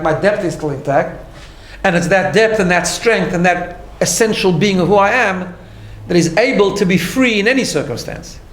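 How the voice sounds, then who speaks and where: A man with a fairly high voice is teaching a class. He talks in an earnest, patient way and keeps checking in with his listeners. The sound carries a noticeable room echo. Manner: earnest, explains step by step, tags lines with "right?". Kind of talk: recorded class lecture.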